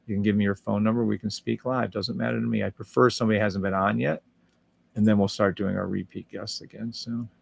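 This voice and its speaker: A man with a low, gravelly voice hosts a live trading stream, talking casually and upbeat while he walks through charts. He hums and scats little tunes between points and reads out viewer comments. The sound is dry and close, with no room echo. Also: flat delivery, quick pace.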